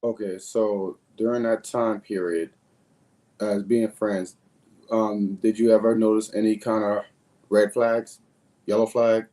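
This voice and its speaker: A man co-hosting a podcast, asking measured, probing questions in a casual chat. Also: on the low side, flat delivery, dark tone.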